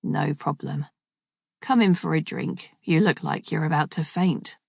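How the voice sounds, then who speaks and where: A low, hushed male voice, put on by a woman, careful and guarded in every word. It stays soft and close, with a dry sound. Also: measured pace, gravelly, slightly rough, no room sound, full character voice.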